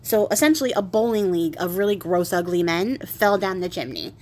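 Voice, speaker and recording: Chatty and irreverent, a woman who hosts a crafting channel tells a fairy tale casually, sprinkling in wry asides. She speaks a little fast in a lowish, animated voice with a slightly mellow quality.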